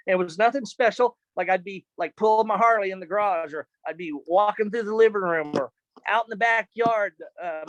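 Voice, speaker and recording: A man telling a personal story in an animated, excitable way, often repeating words and calling people "man". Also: high-pitched, no echo. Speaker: storyteller giving a personal testimony.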